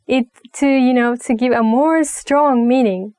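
A young woman with a Turkish accent teaching a language lesson, talking slowly and patiently, repeating phrases with many fillers. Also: fairly high pitch, dark tone, clean tone, no echo, studio quality. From Turkey. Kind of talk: relaxed spoken language lesson.

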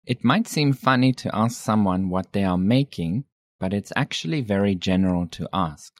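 A man modeling pronunciation in a language lesson, saying each word slowly and deliberately, then repeating it. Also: fairly low pitch, expressive, dry recording. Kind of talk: slow, careful word-by-word pronunciation.

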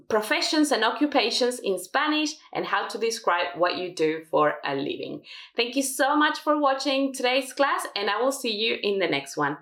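Female teacher running a lesson drill; animated intonation, roomy sound. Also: on the high side. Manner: slow, careful modelling of words. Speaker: Spanish teacher.

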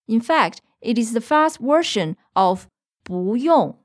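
A woman with a somewhat high, animated voice teaches on a language lesson podcast recorded in a Beijing studio. Speaking slowly, she explains patiently and offers example sentences.

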